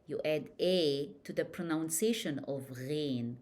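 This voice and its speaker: Very slow, lively woman teaching letters. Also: low voice. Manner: repeats each sound several times, drawn out. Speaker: language teacher. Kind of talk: slow letter-by-letter pronunciation lesson.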